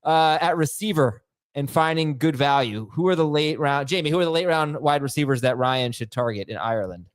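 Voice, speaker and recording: A man's voice: on the high side, fairly quick, clean tone, no echo. A man hosting a podcast, joking with co-hosts and reading listener emails aloud. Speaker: podcast host. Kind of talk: casual chat.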